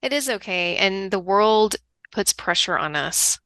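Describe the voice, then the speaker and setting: A middle-aged woman tells stories as a podcast guest. Her voice is bright and sharp, and she is recorded close and dry. She talks in an animated way and acts out the people she quotes. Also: mid-range voice, a little slow, no echo. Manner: animated storyteller, lively quoting of others. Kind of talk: conversational podcast interview.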